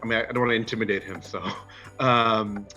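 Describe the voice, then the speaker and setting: A man's voice: lowish voice, fairly even intonation, brisk, pushed and bright, soft background music. A man playing a tabletop role-playing game, hesitant and self-deprecating. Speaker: player.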